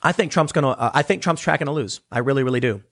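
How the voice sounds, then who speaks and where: A man's voice: mid-range voice, racing, fairly bright tone. A man giving opinionated political commentary, emphatic and sarcastic, often restarting his words.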